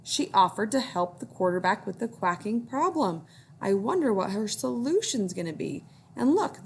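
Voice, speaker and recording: A woman's voice: mid-range voice, breathy edge. A woman teacher reading a picture book aloud to young children, encouraging them to join in.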